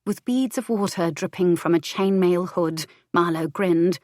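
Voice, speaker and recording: A woman reads a historical romance audiobook with measured, expressive narration. Her voice is lowish for a woman. It is recorded close and dry. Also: no room sound.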